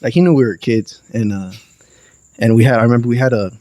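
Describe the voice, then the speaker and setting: A young man, a podcast guest telling a wild story in a lively, profane, slangy way. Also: medium pitch, fast, dry recording. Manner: animated, profane, slangy storytelling with acted quotes. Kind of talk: casual storytelling.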